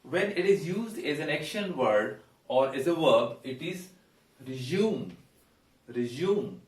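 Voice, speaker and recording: A man with an Indian English accent teaching English pronunciation at a whiteboard, halting with frequent "uh"s and repeating words slowly. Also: on the high side, expressive. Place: room with a whiteboard. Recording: roomy echo, mic at a distance.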